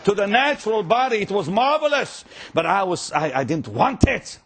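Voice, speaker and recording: A male preacher with a voice that sits a touch high. His delivery is lively and wide-ranging as he preaches emotionally, dropping to near whispers and rising to urgent calls, repeating words when stirred. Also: normal speed, husky, some chatter behind. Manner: emotional, dramatic preaching with big swings between loud and hushed; stammering repetitions when stirred. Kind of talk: sermon.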